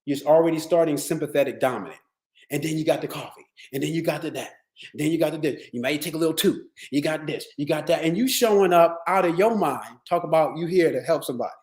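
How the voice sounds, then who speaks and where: A man giving a motivational wellness talk to lawyers. He tells stories in a streetwise, profane, animated way. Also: a little high, quick pace. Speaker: wellness speaker. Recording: echoey room.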